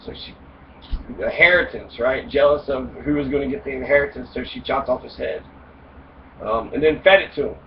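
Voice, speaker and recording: This podcast host has a medium-pitched voice and speaks a little fast, retelling a fairy tale as comedy. Rambling with fillers, he swears and wisecracks throughout, captured by a distant mic in dull lo-fi sound with faint noise.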